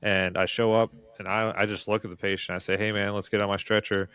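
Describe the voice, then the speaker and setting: A man who works as a paramedic, telling stories in a calm, earnest way during a casual podcast chat. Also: on the low side, quick pace, clean tone.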